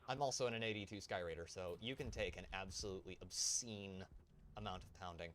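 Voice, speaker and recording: A man's voice: low-pitched, fairly quick, fairly bright tone. A man streaming a tank game, chatting and joking with his viewers while he plays. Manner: chatty, jokey asides to chat. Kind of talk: live gameplay commentary.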